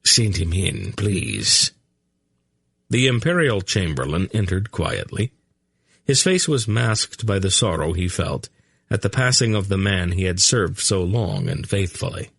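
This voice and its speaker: A man reading fantasy fiction aloud as an audiobook narrator, measured and deliberate. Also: low voice, lively intonation, creaky, slightly rough, dry recording, clean studio sound. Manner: slow, measured reading with character voices. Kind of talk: scripted narration.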